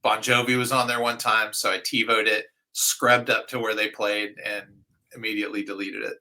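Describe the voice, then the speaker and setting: Bright-voiced man chatting as a guest. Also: lowish voice, moderate pace, rough recording. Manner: relaxed, many fillers, trails off softly. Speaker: guest vocalist. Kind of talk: casual interview chat.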